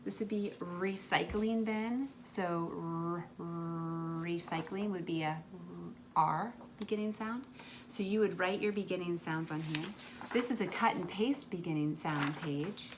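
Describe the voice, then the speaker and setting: A woman's voice: fairly low pitch, a little slow, darkish tone, a little hiss or hum. A woman teaching a remote lesson to young children as their kindergarten teacher, drawing out words in a sing-song way.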